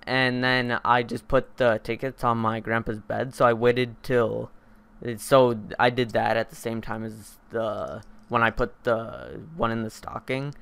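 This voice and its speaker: A man's voice: mid-range voice, flat delivery, unhurried, vocal fry, fairly bright tone, clear, resonant tone. A teenage boy hosting a podcast, telling a long story in a casual, rambling way with lots of fillers and restarts. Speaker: podcast host.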